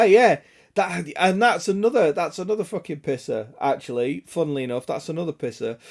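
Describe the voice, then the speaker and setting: Male streamer, raspy sick throat, a touch high-pitched, gravelly, jokey chat with viewers. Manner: joking, sweary banter greeting chat viewers. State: hoarse, raspy throat from illness. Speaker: game streamer. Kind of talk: casual live-stream chat.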